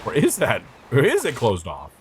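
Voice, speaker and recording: A man's voice: medium pitch, huge pitch swings, normal speed, darkish tone, slight background noise. Chatty, swearing male game streamer. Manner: chatty and swears often, with frequent laughs and self-talk. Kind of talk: casual gameplay commentary.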